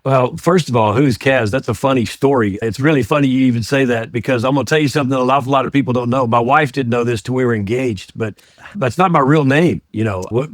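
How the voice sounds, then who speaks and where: A middle-aged man from Georgia, a guest on a podcast, telling stories in a warm, enthusiastic way and laughing easily. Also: medium pitch, fast talker, no room sound, clean studio sound. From US, grew up in Georgia. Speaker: podcast guest, ministry founder. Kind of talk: casual interview storytelling.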